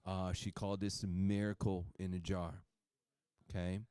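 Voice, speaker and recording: A man with a deep, smooth, resonant voice gives an upbeat sales presentation at a clinic. He talks persuasively and keeps checking in with his listeners. The sound is dry and close. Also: level tone, normal speed, warm tone, no room sound. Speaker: clinic presenter pitching a supplement.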